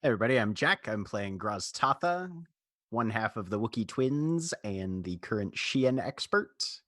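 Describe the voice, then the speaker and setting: A man introducing his character in a tabletop game, friendly and relaxed. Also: on the low side, moderate pace, no room sound, clean studio sound. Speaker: player. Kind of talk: casual tabletop game chat.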